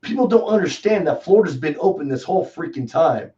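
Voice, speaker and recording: A man from Texas in casual chat as a guest, telling rambling, animated stories with lots of fillers. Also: on the high side, quick pace. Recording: distant, dull lo-fi call audio.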